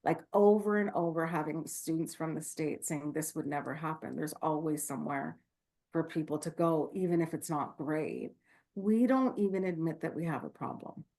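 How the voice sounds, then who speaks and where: A woman's voice: low voice, moderate pace, mellow. Passionate woman speaker. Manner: passionate, candid, many fillers and restarts. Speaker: guest speaker, midwife. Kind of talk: online talk Q&A, casual. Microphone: video call.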